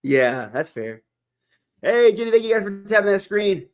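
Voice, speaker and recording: A man's voice: high voice, very animated, normal speed. Upbeat livestream host man from Texas. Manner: upbeat, repeats calls to tap the screen. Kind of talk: casual livestream chat.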